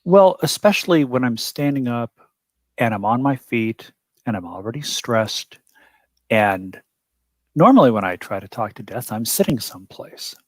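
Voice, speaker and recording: A man playing a character in a tabletop role-playing game, speaking calmly and dryly in first person. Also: medium pitch, normal speed, dry recording, studio quality. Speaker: player.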